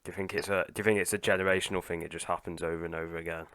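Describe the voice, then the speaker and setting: A man with a very deep, smooth voice, hosting a casual podcast chat. He asks thoughtful, probing follow-up questions, recorded dry and close. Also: level tone, very fast, fairly bright tone, no echo.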